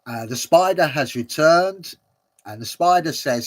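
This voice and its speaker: A man's voice: medium pitch, takes it slowly, long pauses. A man hosting a watch-along, commenting casually and rambling with many fillers and frequent chuckles.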